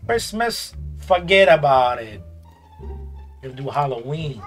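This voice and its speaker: A man's voice: medium pitch, sing-song. A man doing a swaggering Italian-American mobster. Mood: instructive. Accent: Italian-American New York mobster. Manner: tough-guy, swaggering, quick to pick fights. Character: brash middle-aged male Italian-American mobster. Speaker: gaming YouTuber. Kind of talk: in-character comedic gameplay commentary. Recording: roomy echo with game music behind.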